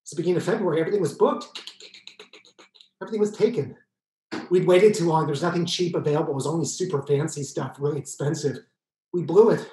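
A man telling a comic solo story, exuberant and pulling the audience in, with sudden high yelps. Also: fast, long pauses, mellow, roomy sound, poor audio. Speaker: solo performer.

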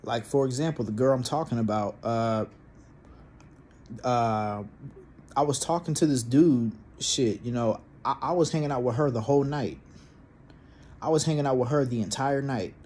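A young vlogger tells a personal story in a loose, rambling monologue, swearing often, using fillers, and restarting his sentences. His mid-range voice has a darkish tone, moves at normal speed with frequent pauses, and has a faint hiss behind it.

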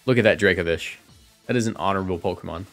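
A man giving casual, chatty commentary on his own competitive matches from a home streaming setup, often correcting himself and reacting out loud. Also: low voice, fast talker, faint music behind.

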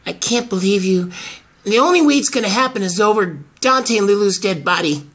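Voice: mid-range voice, lively intonation, brisk, a bit bright. A performer voicing an indignant woman who keeps accusing her rival, in amateur soap-opera acting. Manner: accusing, exasperated. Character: indignant young woman, protective.

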